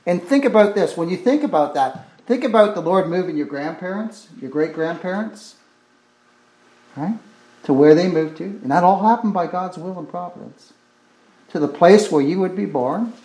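A man's voice: high-pitched, expressive, normal speed, dark tone, reverberant. A man preaching a sermon with fervor, repeating phrases and exclaiming "oh my" as he goes.

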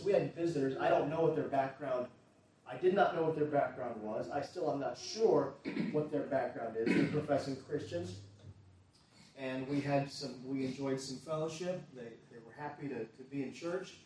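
A man preaching a sermon as a pastor, earnest, moving between quiet asides and forceful emphasis. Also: medium pitch. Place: church. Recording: echoey church hall, mic at a distance.

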